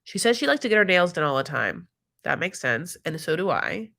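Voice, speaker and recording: A woman's voice: on the low side, big pitch swings, fairly quick, gravelly, bright, forceful tone. A woman hosting a reality TV recap live stream in casual commentary, chatty and giggly, leaning on fillers and calling people honey and my love.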